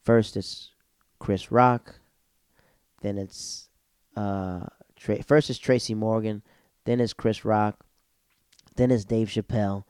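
A young man comedian telling a rambling, animated story and reviewing a show in a casual chat. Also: lowish voice, takes it slowly, pauses often, clear, resonant tone, no room sound, clean studio sound. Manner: rambling, animated, acts out quotes. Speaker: comedian vlogger.

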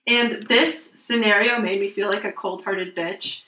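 A woman's voice: medium pitch, steady tone, unhurried, pushed and bright. A woman co-hosting a podcast, telling a self-mocking story in casual chat while laughing. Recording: echoey room with faint noise.

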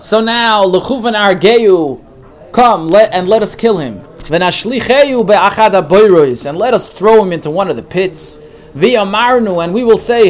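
A man leading a text study class, reading each Hebrew phrase and then translating it. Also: high-pitched. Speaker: Torah teacher.

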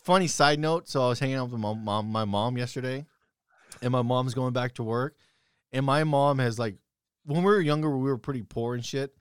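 A man's voice: medium pitch, brisk, smooth, no echo, studio quality. A young man telling stories bluntly and profanely in casual chat, quoting his own heated retorts.

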